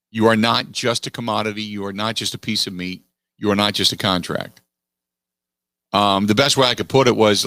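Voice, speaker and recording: A middle-aged man hosting a sports talk radio show, making his case in an animated, emphatic way and repeating phrases for weight. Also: lowish voice, dry recording. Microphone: studio microphone.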